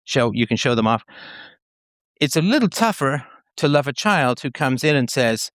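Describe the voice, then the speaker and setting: A man's voice: mid-range voice, moderate pace, dry recording. A man hosting a call-in show, talking frankly and probing the caller. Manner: frank, probing, lively delivery.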